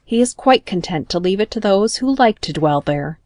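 A woman narrating a children's storybook in a gentle, expressive manner. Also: medium pitch, moderate pace, no echo.

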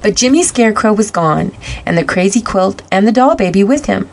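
Woman reading a kids' storybook, steady, mid-pitched voice. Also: fairly quick, vocal fry. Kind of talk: read-aloud storybook narration.

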